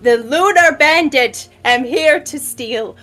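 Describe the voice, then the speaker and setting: A woman's voice: high-pitched, slow, fairly bright tone, faint music behind, voice pushed up. A woman voicing a tipsy male bard hamming it up as a theatrical bandit. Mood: melodramatic. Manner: theatrical and grandiose.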